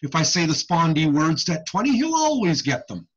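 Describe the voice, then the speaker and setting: A man giving a recorded audiology lecture over slides, teaching deliberately and checking in with "okay?" often. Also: a little high, sing-song, slightly rough, lo-fi sound.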